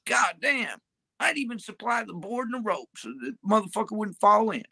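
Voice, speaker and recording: An older woman with a gravelly, creaky voice that swings widely up and down in pitch. She talks bluntly and profanely, rambling from point to point in a tight, dry sound. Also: expressive, normal speed, sharp tone, dry recording. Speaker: interviewee in a played clip. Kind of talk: crude street interview talk.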